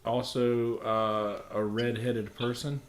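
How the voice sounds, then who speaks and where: Male stream host, casual joking chat, mid-pitched voice, rambling, echoey room. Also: little pitch movement, slow, slight background noise. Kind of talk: casual group chat on a livestream. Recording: roomy echo.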